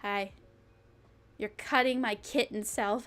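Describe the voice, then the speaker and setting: A woman's voice: mid-range voice, unhurried. A young woman streaming, chatting casually and playfully, rambling and breaking into silly sing-song. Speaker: vtuber streamer. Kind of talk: casual live-stream chat.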